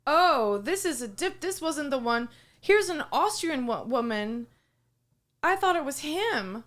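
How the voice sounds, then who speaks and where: A woman's voice: high voice, sing-song, a little slow, fairly bright tone. A woman co-hosting a podcast in casual chat, telling stories and trailing off as she searches for words. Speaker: podcast co-host.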